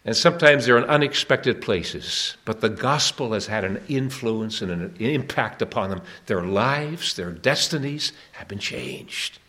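A man's voice: mid-range voice, expressive, unhurried, hardly any pauses, pushed and bright. A man preaching an evangelistic sermon at a church meeting, earnest and urging, with emphatic questions to the listeners.

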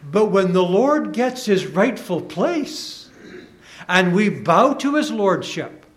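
A man preaching a sermon in an earnest, deliberate way, rising for emphasis and dropping softly at the ends of phrases. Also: high-pitched, big pitch swings. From Canada.

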